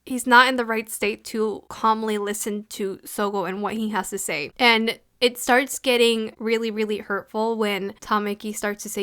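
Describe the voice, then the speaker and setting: A woman's voice: fairly high pitch, fairly even intonation, moderate pace, few pauses, a bit bright, clean tone. A woman talking through an anime episode in a casual review, earnest and emotional, with many "you know" fillers.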